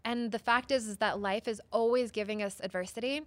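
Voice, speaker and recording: A woman psychotherapist telling stories as a guest in an interview, expressive, often saying "like" and "right?". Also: on the high side, brisk, no room sound. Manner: expressive, acts out quoted voices, many "like" and "right?". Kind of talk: storytelling in an interview.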